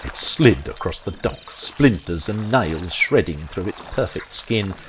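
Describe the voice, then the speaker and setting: A man narrating a dark comic story in a wry, dramatic storytelling manner. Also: low-pitched, lively intonation, a little slow, background noise. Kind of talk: scripted horror-comedy story narration.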